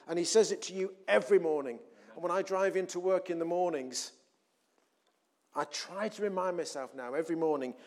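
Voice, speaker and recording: A man preaching a sermon, telling a scripture story with animated acted-out voices. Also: high voice, normal speed, creaky. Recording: long hall reverb.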